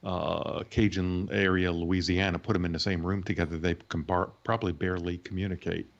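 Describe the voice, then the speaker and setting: Deep-voiced co-host on a dull line. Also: male voice, flat delivery, a little fast, vocal fry. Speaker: podcast co-host. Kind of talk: casual chat.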